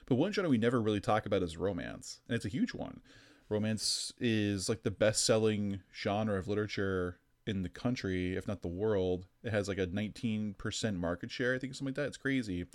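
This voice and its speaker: A man's voice: on the low side, a little fast. A man hosting a podcast, talking in a loose, rambling way and peppering his sentences with "like". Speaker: podcast host. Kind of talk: casual podcast chat.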